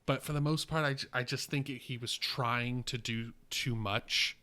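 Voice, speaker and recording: A man co-hosting a casual film review podcast, measured and critical, thinking aloud. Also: medium pitch, fairly even intonation, pushed and bright.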